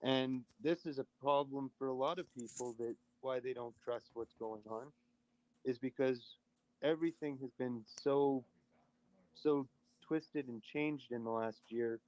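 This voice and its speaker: Dude arguing in an online debate, keeps asking pointed questions, kinda halting. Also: male voice, medium pitch, darkish tone, rough recording. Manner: argumentative, questioning, halting restarts. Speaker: debate participant. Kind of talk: casual debate talk.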